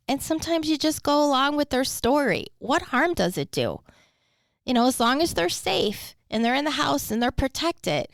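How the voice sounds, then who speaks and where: A woman's voice: sits high, no room sound. A middle-aged woman hosting a podcast, telling her own caregiving story in an earnest, heartfelt way. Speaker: podcast host, former caregiver. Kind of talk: personal reflective talk.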